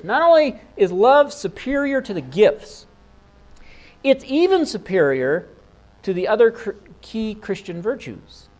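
Male pastor, somewhat high voice, earnest expository preaching style, thinks aloud. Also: lo-fi sound. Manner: earnest, thinking aloud with restarts and rhetorical questions. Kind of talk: expository sermon.

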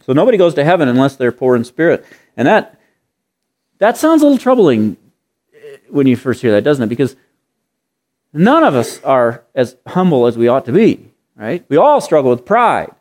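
Man, preacher, sermon, middle pitch, earnest, rhetorical questions, repeats phrases. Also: big pitch swings, normal speed, pauses often, a little mellow.

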